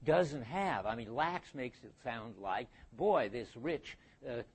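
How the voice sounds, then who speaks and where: A man's voice: medium pitch, animated, unhurried, breathy edge. An older man giving a university philosophy lecture, thinking aloud with frequent restarts and fillers.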